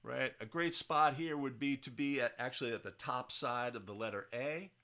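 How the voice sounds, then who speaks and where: A man's voice: mid-range voice, moderate pace, pushed and bright. A man acting as a basketball officiating instructor. He breaks down game footage in a casual teaching style, often tagging his points with "right?" and restarting his sentences.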